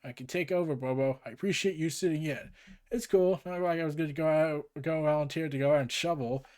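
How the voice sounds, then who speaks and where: A man's voice: on the high side, steady tone, brisk, a little mellow. A man recapping and reading through a comic book, with jokey asides.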